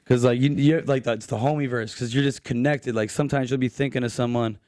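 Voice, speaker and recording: A man's voice: mid-range voice, fairly even intonation, quick pace, a little mellow, dry recording, clean studio sound. A man hosting a podcast, chatting casually and rambling with lots of "like" fillers. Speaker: podcast host. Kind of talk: casual chat.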